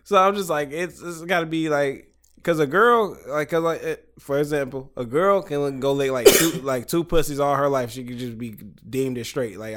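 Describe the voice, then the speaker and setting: Detroit man, soft-spoken storyteller. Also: moderate pace. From Detroit, Michigan. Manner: storytelling, often drops soft and low, then bursts louder. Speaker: podcast co-host. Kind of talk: casual podcast banter.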